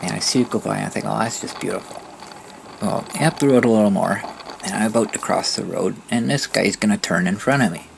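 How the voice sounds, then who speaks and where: He talks quickly, with vocal fry and a pitch on the low side. A mobility scooter driver from Southern Ontario, Canada, he spins a casual, wandering vlog story with frequent restarts over loud ambient sound.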